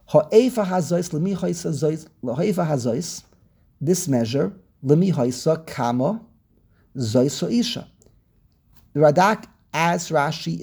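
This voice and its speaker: Gravelly, husky man teaching a text. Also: mid-range voice, dark tone. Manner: halting, repeats words while searching; Hebrew terms woven into English. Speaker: Torah teacher. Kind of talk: online text class.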